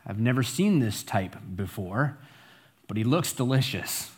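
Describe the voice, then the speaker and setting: A pastor voicing a hungry, easily fooled male lion in a low, quiet voice. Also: lively intonation, measured pace, husky. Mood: musing.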